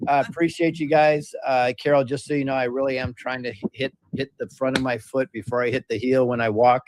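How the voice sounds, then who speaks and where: A man's voice: mid-range voice, little pitch movement, fairly quick. A man hosting a casual livestream, joking with guests and often restarting his sentences over a video call. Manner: joking, chatty, stumbling restarts. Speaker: show host.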